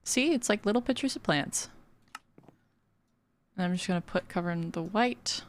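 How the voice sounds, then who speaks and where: Woman, streamer, casual gaming chat, giggly, rambling with fillers, mid pitch. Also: expressive, moderate pace. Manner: chatty, giggly, lots of fillers.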